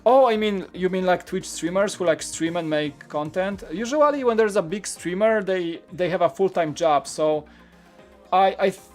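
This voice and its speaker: A man's voice: high voice, moderate pace, darkish tone, faint music behind. A man hosting a toy-building live stream, chatting casually and candidly while answering viewer questions in a rambling way. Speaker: Lego channel host.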